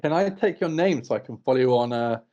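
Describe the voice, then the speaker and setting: A man voicing a flattering adult male adventurer in a tabletop game, full of old-fashioned courtesies. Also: mid-range voice, fast talker, highs cut off, natural voice.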